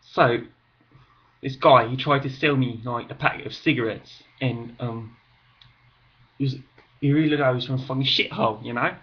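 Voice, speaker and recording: A man voicing a loud male Cockney street chancer in an attempted Cockney accent, telling his story indignantly. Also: medium pitch, normal speed, long pauses, breathy edge, muffled recording, close to an everyday voice.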